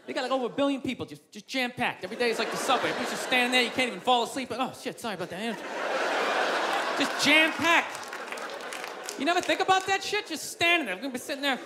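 A man doing stand-up comedy, loud and profane, ranting and mocking people in put-on voices. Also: very high-pitched, noisy background. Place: comedy club stage. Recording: live club recording with crowd laughter. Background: audience laughing.

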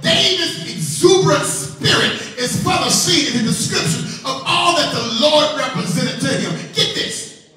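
A male pastor preaching a sermon in a church, animated, repeating words and calling on church members by name. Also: very high voice, normal speed. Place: church sanctuary. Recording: echoey hall from far off, organ faint.

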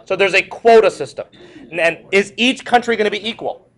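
A man's voice: high-pitched, brisk. A man teaching a history lecture to a class, repeating key points and joking with students. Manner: repetitive, animated, joking asides to students.

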